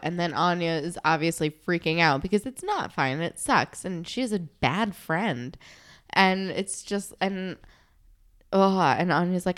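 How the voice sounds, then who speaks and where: A young woman co-hosting a casual recap chat, expressive and swearing casually. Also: unhurried. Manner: expressive, swears casually, dips low for emphasis. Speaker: podcast co-host.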